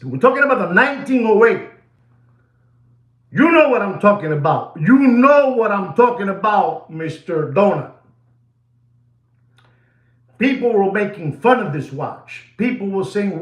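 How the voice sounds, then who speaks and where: In a high-pitched voice, a man runs through the watch market with showy flair, jumping from loud proclamations to quiet asides and slipping in bits of Spanish alongside his English. The sound is lo-fi and reverberant.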